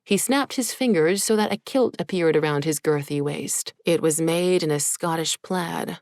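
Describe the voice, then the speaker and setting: A woman narrating an audiobook in an even, measured way. Her voice sits low, and the recording is close and dry with no room sound. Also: no room sound. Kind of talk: scripted narration.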